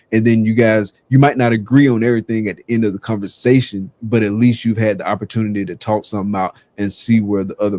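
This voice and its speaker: A man's voice: fairly low pitch, darkish tone, no room sound. A man hosting a casual podcast chat, laid-back and easygoing, saying "man" often. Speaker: podcast host.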